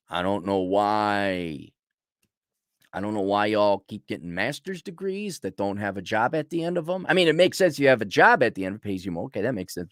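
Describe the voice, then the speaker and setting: Blunt, ranting man with a lively voice. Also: lowish voice, dry recording, studio quality. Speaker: host. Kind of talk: casual ranting monologue.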